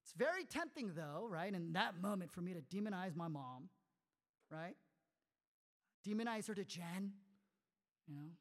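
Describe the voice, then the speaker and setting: A man preaching a sermon as a pastor, conversational and animated, full of rhetorical questions. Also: high voice, normal speed, long pauses, big-room sound.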